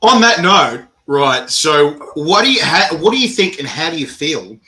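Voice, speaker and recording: Bright-voiced laughing man. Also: on the high side, moderate pace. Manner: animated, laughs often, swears freely. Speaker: host. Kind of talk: casual interview on a livestream.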